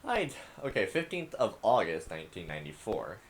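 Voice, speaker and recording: A man's voice: huge pitch swings, a little fast, hardly any pauses. A man playing a game and casually commenting, muttering and reading notes aloud. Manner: mutters, reads documents aloud in a low murmur. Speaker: let's play gamer.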